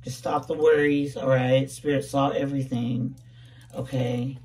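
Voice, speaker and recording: A tarot reader in a casual reading, voice going a bit hoarse, talking in a playful, slangy way with lots of repeated words and "okay?". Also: mid-range voice, little pitch movement, unhurried, a little mellow, distant mic. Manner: jokes about putting on a fake accent.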